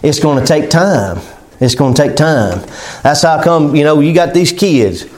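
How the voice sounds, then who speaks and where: High-voiced preacher, folksy. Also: male voice, expressive, unhurried. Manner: folksy, conversational preaching with chuckles. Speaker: pastor. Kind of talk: sermon.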